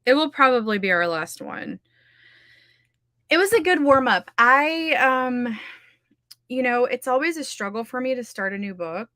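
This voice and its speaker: A woman's voice: sits high, lively intonation, unhurried, long pauses, sharp tone, no room sound, clean studio sound. A woman hosting a casual livestream, chatty and scattered, laughing often as she talks. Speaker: livestream host running writing sprints. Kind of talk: casual chat to a live audience.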